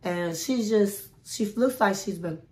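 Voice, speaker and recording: A woman's voice: mid-range voice, a little slow, a little mellow. A woman hosting a casual reality TV recap, chatty and dramatic, acting out the quotes and calling the listener honey.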